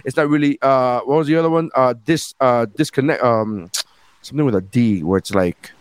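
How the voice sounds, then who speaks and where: A man's voice: mid-range voice, brisk, clean tone, dry recording. A man co-hosting a comedy podcast, telling a story in casual chat and acting out what people said. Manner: animated storytelling with acted-out quotes. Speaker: podcast co-host; comedian and parent.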